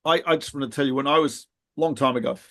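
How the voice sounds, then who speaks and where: A middle-aged man, a rabbi co-hosting a podcast, telling animated anecdotes with laughs and restarts in casual chat. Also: medium pitch, quick pace.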